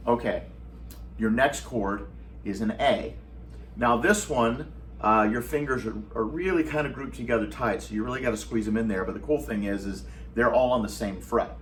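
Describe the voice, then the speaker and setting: A man's voice: medium pitch, moderate pace. A man teaching a guitar lesson, patiently walking through chord shapes step by step and counting beats aloud. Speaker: guitar instructor. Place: at home. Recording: distant mic with guitar playing.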